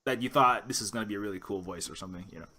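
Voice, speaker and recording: A man hosts a casual podcast interview, talking very fast in a lowish, bright, forceful voice. He rambles, restarting often and leaning on fillers like "you know."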